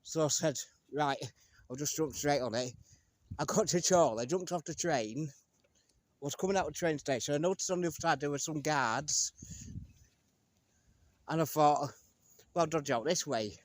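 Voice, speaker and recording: A man's voice: a little high, moderate pace, long pauses, no room sound. Chatty joking man vlogging outdoors. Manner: chatty, joking, talks to camera. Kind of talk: casual walking vlog narration. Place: outdoors, town streets.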